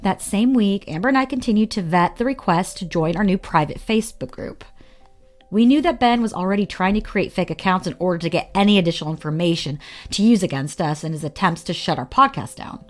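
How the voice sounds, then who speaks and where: A woman co-hosting a podcast, reading scripted narration in a measured, read-aloud way. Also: lowish voice, lively intonation, soft background music. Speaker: podcast co-host.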